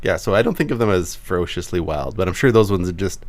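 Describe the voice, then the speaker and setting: A man co-hosting a podcast, trading playful quick jokes and laughing often. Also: sits low, animated, no echo. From Canada. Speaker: podcast co-host. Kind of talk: casual chat.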